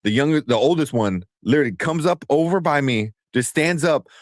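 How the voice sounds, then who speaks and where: A man in his thirties co-hosting a casual chat, acting out stories about his kids with big jumps in pitch. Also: expressive, brisk, no echo, clean studio sound. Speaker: podcast co-host.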